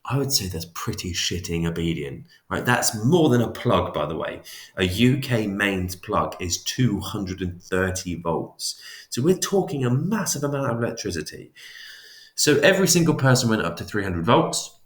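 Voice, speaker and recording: A man's voice: fairly low pitch, very animated, normal speed, reverberant. A man teaching psychology in a casual, chatty lecture, often restarting and adding asides. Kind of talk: informal classroom lecture.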